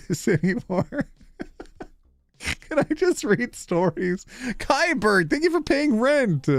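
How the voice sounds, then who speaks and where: Bubbly, lively Canadian man streaming. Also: sits high, dry recording. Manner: bubbly and playful, laughs often. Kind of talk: casual live-stream chat.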